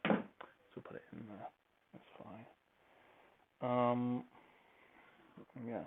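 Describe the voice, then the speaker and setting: A man in casual, rambling chat at home, swearing freely and wandering off topic as he tidies up. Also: medium pitch. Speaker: podcaster. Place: home, tidying a child's toys. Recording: tinny phone-like recording with faint hiss.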